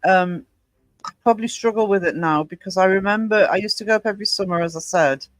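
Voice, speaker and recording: A woman from Northumberland with a soft Northumbrian English accent, chatting casually as a podcast co-host, blunt and quick to swear. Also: medium pitch, no echo, rough recording. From Northumberland, England. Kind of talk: casual chat.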